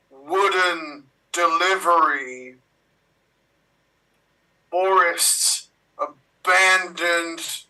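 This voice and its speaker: A man's voice: fairly high pitch, bright, forceful tone, distant mic, exaggerated voice, low-quality recording. A man playing a boastful wooden wrestler in an improv game, talking in clipped one-word phrases. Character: boastful male action-movie wrestler made of wood.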